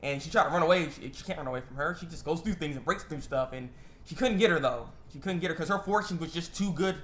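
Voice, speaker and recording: A man casually recapping an anime episode, rambling and excitable, full of fillers and restarts. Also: fairly high pitch, quick pace. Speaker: anime reviewer.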